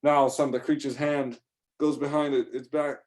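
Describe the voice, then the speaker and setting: A man telling an improvised first-person adventure story in a rambling, excitable way, full of fillers and restarts. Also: mid-range voice, moderate pace.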